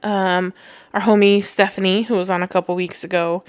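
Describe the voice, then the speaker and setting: A woman's voice: mid-range voice, little pitch movement, normal speed, clear, resonant tone, dry recording, clean studio sound. A young woman hosting a podcast in casual chat, reading listener comments aloud and laughing often. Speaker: podcast host.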